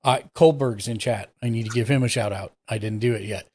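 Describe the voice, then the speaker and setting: A man's voice: fairly low pitch, a little fast, breathy edge. A man hosting a live stream, casually explaining his setup step by step as he clicks through it. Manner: relaxed, explains step by step while clicking around. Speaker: streaming tech support host.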